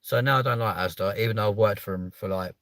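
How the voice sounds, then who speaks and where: Talking fast in a lowish but fairly bright voice, this livestream host from the United Kingdom, a man in his thirties, reads viewer comments and banters casually. He's playful, acts mock-offended and swears freely. There's no room sound in the recording.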